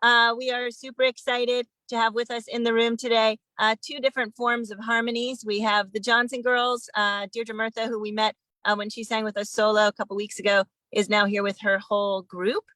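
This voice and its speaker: A woman hosting an online sing-along, warmly greeting viewers one by one over a phone video call. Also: on the high side, level tone, normal speed, few pauses, no room sound, rough recording. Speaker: host.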